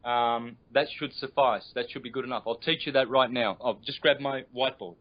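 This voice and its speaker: A man's voice: medium pitch, fairly even intonation. A man speaking as a guest teacher on a call, explaining patiently and drawing out sounds as he demonstrates them. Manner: patient and instructive, drawn-out demonstrated vowel sounds. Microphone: video call. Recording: lo-fi internet call audio.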